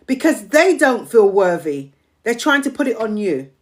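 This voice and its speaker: Woman host, slightly higher voice, emphatic repeated affirmations, strained voice. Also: big pitch swings, normal speed. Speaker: community host of a live stream. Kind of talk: motivational live-stream talk.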